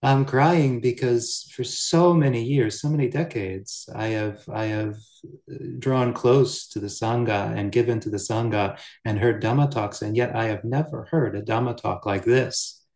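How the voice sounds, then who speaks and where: A man's voice: mid-range voice, a little slow, darkish tone, close to an everyday voice. A man voicing an aging, generous householder who speaks earnestly and pleads. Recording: roomy echo.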